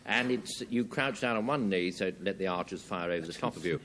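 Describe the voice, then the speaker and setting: A man hosting a 1970s panel game show, wry and brisk as he calls on players. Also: deep voice. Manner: lively, wry, reads out definitions. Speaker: quiz show host. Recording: 1970s studio broadcast with audience, noisy. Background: studio audience.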